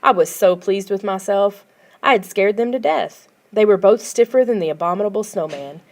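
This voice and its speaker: A woman narrating a children's storybook in a quiet, even way. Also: mid-range voice, normal speed. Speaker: audiobook reader.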